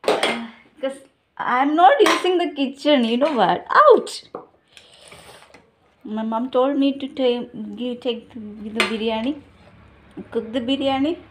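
A woman's voice: sits high, unhurried, background noise. A woman making a casual cooking vlog at home, chatty and laughing at her own mistakes. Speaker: cooking vlogger. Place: home kitchen. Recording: home kitchen with clattering dishes.

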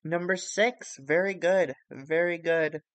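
A streamer with a mid-range voice talks slowly, with no room sound, while playing a wrestling booking sim. His casual live-stream commentary rambles and includes swearing as he retells storylines.

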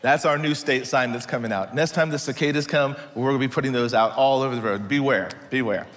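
A man's voice: medium pitch, fast, fairly bright tone, slight background noise. A man from the United States preaching a sermon as pastor, telling a story and acting out the dialogue. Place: church hall. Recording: reverberant church hall.

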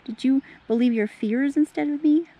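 A woman voicing a calm, kind grown man who gently questions his friends in a children's story reading. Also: high voice, normal speed, muffled recording, voice pushed up, natural voice. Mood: gentle. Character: calm, gentle male teacher figure, kind.

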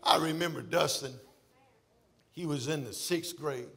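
A middle-aged male pastor preaching a sermon in a church, emphatic with shouts and exclamations. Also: fairly high pitch, measured pace, gravelly. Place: church sanctuary.

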